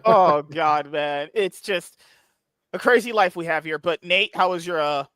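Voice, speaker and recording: A man's voice: fairly high pitch, measured pace, a bit bright, clean tone, dry recording. A man hosting a podcast in casual chat, joking crudely and swearing freely. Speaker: podcast host.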